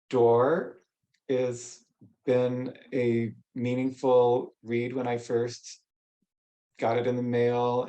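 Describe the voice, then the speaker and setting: A man hosting an interview over a video call, speaking in a measured, appreciative way. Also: mid-range voice, darkish tone. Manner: measured and appreciative, with frequent short back-channel murmurs. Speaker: interview host. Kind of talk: interview, closing remarks.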